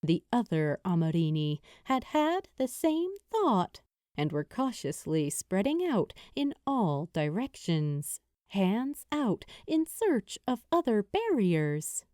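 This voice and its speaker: A woman reading a fantasy novel aloud in a measured storytelling manner. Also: medium pitch, sing-song, mellow, no room sound, studio quality. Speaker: audiobook narrator. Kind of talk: scripted narration.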